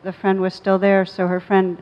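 A woman speaking as a meditation teacher in a thoughtful, measured way, slowing down on key words as she tells a story. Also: medium pitch, monotone. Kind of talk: reflective storytelling talk. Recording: dull audio with long reverb.

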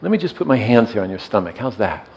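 A gravelly, low-voiced man talks gently as a meditation teacher. His soft-spoken delivery often drops away to a near murmur. It is a calm, reflective storytelling manner. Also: fast talker, lo-fi sound. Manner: soft-spoken, gentle, frequently trailing off quietly.

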